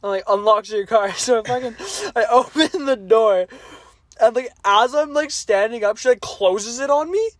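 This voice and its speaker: A man's voice: extremely high pitch, moderate pace, a bit bright, no room sound, clean studio sound. Profane rambling man telling a story. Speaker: podcast co-host. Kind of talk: casual chat, storytelling.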